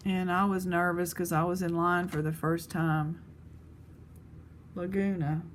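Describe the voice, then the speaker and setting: A woman's voice: on the low side, little pitch movement, measured pace, a little hiss or hum. A woman vlogger chatting casually, rambling between stories as she prices jewelry pieces. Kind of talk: casual chat.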